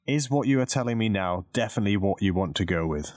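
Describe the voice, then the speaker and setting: Deep-voiced man hosting a quiz. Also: expressive, quick pace, a little mellow, no echo, studio quality. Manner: teasing, laughs often, does impressions of quotes. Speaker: quiz host. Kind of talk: casual podcast quiz game.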